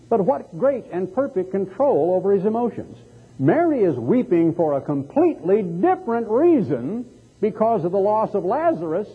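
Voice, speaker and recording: A man preaching a sermon, reading scripture slowly and stressing his points with emphatic swings. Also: mid-range voice, slightly rough. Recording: tinny, phone-like narrow sound.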